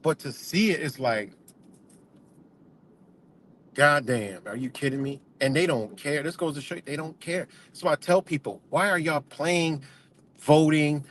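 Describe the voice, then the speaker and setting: A man's voice: a little high, fairly bright tone. A man ranting casually, heated, profane and emphatic. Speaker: vlogger.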